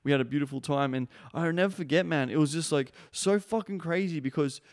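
Podcast host, young guy, clear tone, loose and profane storytelling. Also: fairly high pitch, brisk. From Australia. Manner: blunt, swears freely, many fillers like "man" and "like". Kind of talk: casual storytelling monologue.

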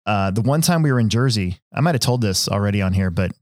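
A man from Nebraska with a lowish voice rambles through stories on a podcast, stacking fillers and restarting his sentences. His voice sits close and dry on the mic, with no room around it. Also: animated, quick pace, dry recording. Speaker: podcast host. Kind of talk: casual chat.

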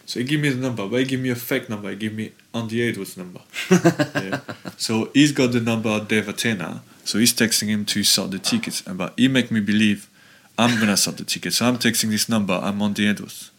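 A former footballer guesting on a podcast speaks in a fairly low, quick voice. He spins long, rambling anecdotes packed with fillers, telling them in an animated way.

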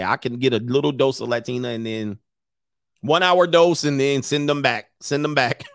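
A man's voice: mid-range voice, gravelly, a bit bright, no echo, clean studio sound. A man hosting, on a loose, profane comic rant, breaking into put-on voices.

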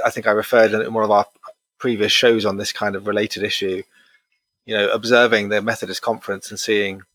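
A man hosting a podcast, thoughtful and measured, pausing and hesitating as he works through his points. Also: fairly low pitch, a bit bright, no room sound. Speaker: podcast host. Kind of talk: conversational podcast discussion.

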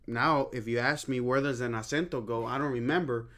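A man's voice: mid-range voice, steady tone, brisk, a bit bright. A man whose first language is Spanish, a podcast host telling stories in a loose, profane, laughing way. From Texas. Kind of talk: casual chat.

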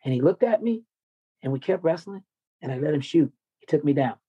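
A man's voice: fairly high pitch, expressive, a little fast, mellow, breathy edge, no room sound, dull audio. A man who coaches wrestling tells a raw personal story in an interview, intense, confessional and full of swearing.

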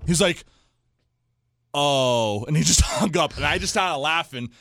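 A young man, co-hosting a casual sports chat and telling animated stories with acted-out quotes. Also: a little high, a little slow, pauses often, no room sound, clean studio sound. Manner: animated storyteller, acts out quotes. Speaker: podcast co-host.

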